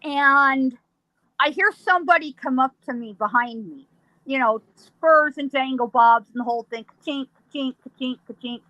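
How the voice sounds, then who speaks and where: A woman, a psychic guest, telling a ghost story in a lively way, laughing often and acting out sounds. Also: high-pitched, moderate pace, no room sound, poor audio.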